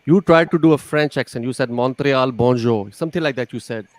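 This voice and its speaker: A man's voice: fairly high pitch, quick pace, dry recording. A man in a group chat, teasing playfully and apologizing for interrupting. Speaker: panel guest.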